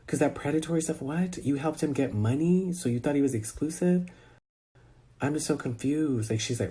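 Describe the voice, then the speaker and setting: A man ranting in disbelief on a phone video call, animated and exasperated. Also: on the high side, normal speed, slightly rough. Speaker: social media personality. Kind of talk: casual rant on a video call.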